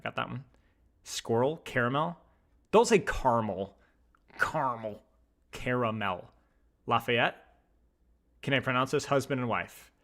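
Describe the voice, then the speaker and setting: Sounding out words for a casual pronunciation chat, a young male streamer talks in a bright, forward voice. Mock-outraged shouts keep breaking through, his pitch varies widely, and the talk stays loose and animated rather than scripted.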